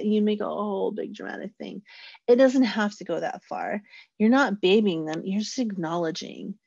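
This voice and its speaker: A woman talks parents through a lesson, now and then popping into little acted lines of a parent or child. Her voice is husky and slightly breathy. The recording is close and dry with a dull, lo-fi sound. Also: medium pitch, moderate pace, darkish tone, no echo. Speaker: parenting educator. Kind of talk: informal parenting workshop talk.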